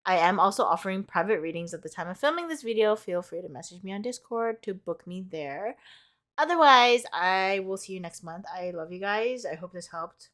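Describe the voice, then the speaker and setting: A woman's voice: mid-range voice, animated, a little fast, fairly bright tone. A young woman giving a casual tarot reading to her viewers, chatty and giggly, full of "like" fillers, and a little sick. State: sick, with bouts of laughter. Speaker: tarot card reader.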